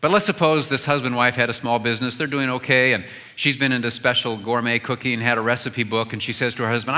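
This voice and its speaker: A man at mid pitch preaches with a bright, forward tone. He tells humorous stories and slips into the voices of a husband and wife. His words echo through a large, reverberant church. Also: steady tone, fast talker, few pauses. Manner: humorous storytelling, voices both spouses. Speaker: guest speaker. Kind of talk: sermon. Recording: hall reverb from the sanctuary.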